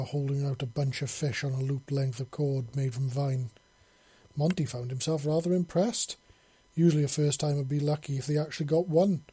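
A man narrating a story in an even, unhurried read. His voice is mellow and dark with a husky edge. The recording is dry and close. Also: fairly high pitch, no room sound. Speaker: audiobook narrator.

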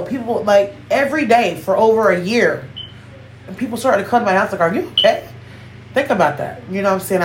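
Emotional woman preaching to listeners. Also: on the low side. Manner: emphatic, preachy, calling out to listeners; speaks slowly, near tears at times. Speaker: podcast host. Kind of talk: heartfelt spontaneous monologue. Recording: echoey room, faint background noise.

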